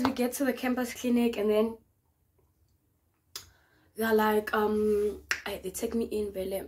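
A young South African woman telling a dramatic story in a casual vlog, with slang and an animated manner. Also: medium pitch. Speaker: vlogger.

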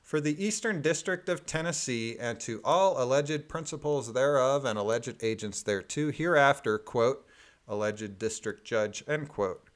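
A man reading court filings aloud in a methodical, deliberate way, adding plain spoken asides. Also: medium pitch.

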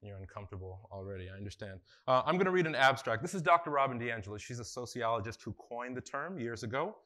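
A man runs a live workshop in a conference room, his voice bright and forward. He talks in a loose, conversational way, full of fillers, and keeps throwing questions out to the audience. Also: mid-range voice, animated, quick pace. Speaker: workshop facilitator.

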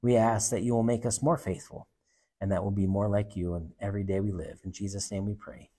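A man's voice: fairly low pitch, fairly even intonation, fairly quick. A man preaching a sermon, telling a story and leading a prayer in an earnest, repetitive way. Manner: earnest, repetitive, softening to hushed.

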